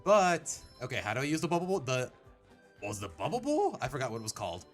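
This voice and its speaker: A man's voice: mid-range voice, huge pitch swings, fast, faint music behind. A young man casually commenting while playing a game on a live stream, chatty and self-mocking.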